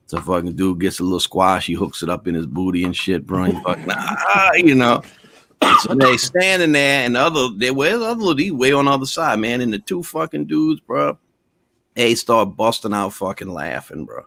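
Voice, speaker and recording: Deep-voiced man swearing through a joke. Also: animated, moderate pace, sharp tone. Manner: profane, rambling storyteller. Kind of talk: casual chat and joke telling.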